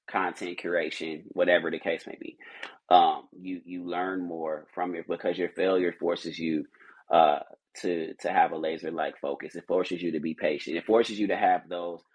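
A company head being interviewed on a podcast gives a motivational talk, earnest but rambling and full of restarts. He has a low, husky voice, and the recording is rough.

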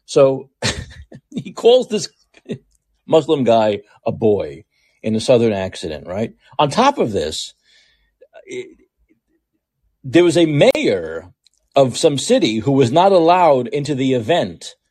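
Sarcastic, husky-voiced male podcast host. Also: medium pitch, slow, long pauses. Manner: sarcastic, mocking, animated rants. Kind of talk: political commentary monologue.

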